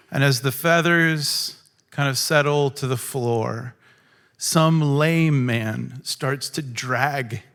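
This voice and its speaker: A man preaching a sermon in a church, acting out quotes and swinging from loud to hushed. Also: on the high side. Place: church hall.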